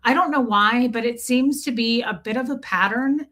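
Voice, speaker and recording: Woman streamer, casual, teasing, high-ish voice, live chat host. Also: normal speed. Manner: chatty, teasing, warm toward chat. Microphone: streaming mic.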